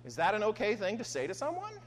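A woman's voice: mid-range voice, huge pitch swings, fast. A woman preacher delivering a sermon in an emphatic way, often asking her listeners "right?". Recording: long hall reverb, faint hum.

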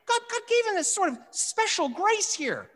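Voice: very high-pitched, normal speed. A preacher reading scripture aloud and then explaining it in an emphatic, conversational way, often asking "right?". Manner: animated, emphatic, with frequent "right?" asides. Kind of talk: Bible reading and sermon commentary. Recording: long hall reverb.

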